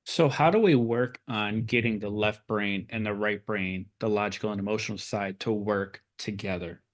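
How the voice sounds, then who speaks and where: A man's voice: fairly low pitch, normal speed. A man hosting a podcast, asking his guest a question. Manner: asks a question. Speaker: podcast host.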